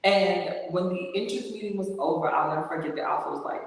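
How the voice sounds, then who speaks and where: A woman host telling a story in casual chat, animated, emphatic and profane. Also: on the low side, fast. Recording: echoey room from far off.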